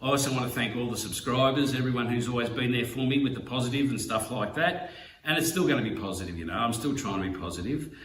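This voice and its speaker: An Australian man talks through a heartfelt message, halting on fillers and dropping the odd swear word. He sits well back from the mic in an echoey room. A faint hum runs underneath. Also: mid-range voice, a bit bright. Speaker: slot car YouTuber. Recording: roomy, distant mic, faint background hum.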